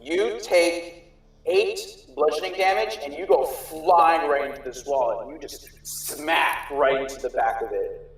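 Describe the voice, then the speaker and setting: A man game master narrates a tabletop session in an unhurried, halting way, full of fillers and restarts. He sounds a little distant, with an echoey room around him. Faint music sits under the talk. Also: a little high.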